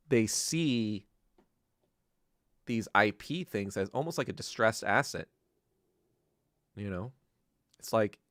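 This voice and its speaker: A man hosting a podcast in a casual, profane rant that swings between low muttering and loud outbursts. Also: no room sound, studio quality. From Korea. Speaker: podcast host. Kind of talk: casual ranting monologue.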